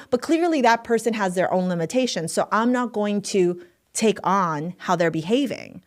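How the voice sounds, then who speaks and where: A woman, a manifestation coach, telling a story in a casual podcast chat, animated and swearing freely. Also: mid-range voice, moderate pace.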